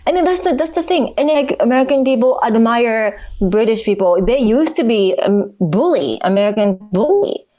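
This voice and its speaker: Animated woman speaking English with non-native phrasing. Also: a little high, moderate pace, few pauses, soft background music. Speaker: podcast guest. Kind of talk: casual podcast chat.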